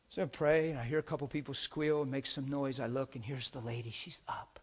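A man preaching a sermon, telling stories with animated swings from shouts to hushed whispers and laughing as he talks. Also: mid-range voice, brisk, few pauses, breathy edge. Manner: laughs while talking.

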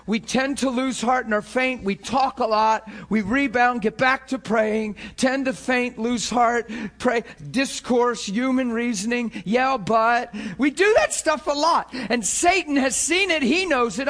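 A man preaching a sermon, moving from shouted cries down to hushed, low passages, often repeating words and restarting. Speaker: pastor.

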